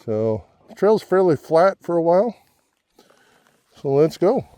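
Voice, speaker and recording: A man's voice: fairly high pitch, sing-song, a little slow, dark tone, clean tone, no echo. Breathless man chatting on a hike. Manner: chatty, self-deprecating. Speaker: vlogger. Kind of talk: casual hiking vlog. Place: outdoors on a desert hiking trail.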